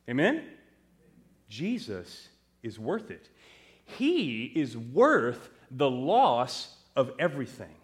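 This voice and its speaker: A man's voice: mid-range voice, takes it slowly. A male pastor preaching a sermon, telling stories and calling out questions to his congregation. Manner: animated storytelling, calls to the congregation.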